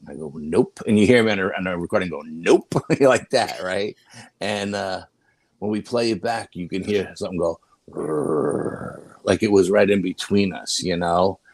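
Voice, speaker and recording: An older man with a low, deep voice tells a long story as a guest. He rambles casually, restarting his sentences and filling gaps with "you know". The sound is close and dry, with no room around it. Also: fairly quick, no room sound. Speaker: paranormal investigator guest.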